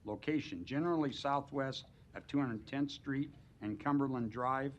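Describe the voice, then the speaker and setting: A man runs a planning board meeting in a council chamber, moving briskly through motions, votes and case numbers. His voice comes through muffled, with a faint low hum underneath. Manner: brisk procedural, reads case numbers aloud. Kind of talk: chairing a public meeting.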